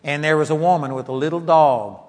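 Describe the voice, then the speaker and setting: A high-pitched male preacher delivers a fiery sermon, his voice climbing into shouts and dipping into mocking whines. The sound carries a long reverb from a large hall. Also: a little fast. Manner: impassioned, building to shouts, mocking whiny voices.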